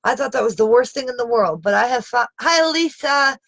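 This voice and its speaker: A frustrated woman speaks on a live video straight into her phone camera, upset and exasperated. Her voice sits a little high, and she pleads and insists with emphasis, talking unscripted to her viewers. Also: animated, brisk, creaky, fairly bright tone, poor audio. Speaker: live streamer.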